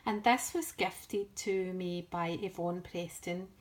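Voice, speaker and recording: A woman's voice: on the low side, slow. A woman from the United Kingdom chatting through a craft project in a casual, rambling, self-deprecating way. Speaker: craft vlogger. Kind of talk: casual craft show-and-tell.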